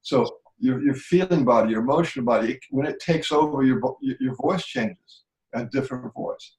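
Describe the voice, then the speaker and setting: A man's voice: mid-range voice, moderate pace, a little mellow, reverberant, rough recording. A man teaching a healing practice in conversation, earnest and repetitive, often checking that he is understood.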